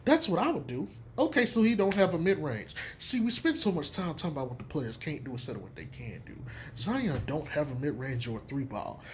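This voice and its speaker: A man with a fairly high voice gives his basketball takes in a casual, profane way. His pitch swings widely as he hammers his points home, over a faint hiss. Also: fairly quick, few pauses. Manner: emphatic, profane, animated. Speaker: sports commentator. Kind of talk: casual sports opinion talk.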